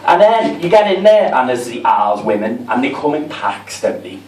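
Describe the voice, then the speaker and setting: A man's voice: medium pitch, sing-song, normal speed, a little mellow. A man with a Liverpool accent doing a camp, chatty, self-mocking stand-up set in a comedy club. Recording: roomy, distant, with crowd noise.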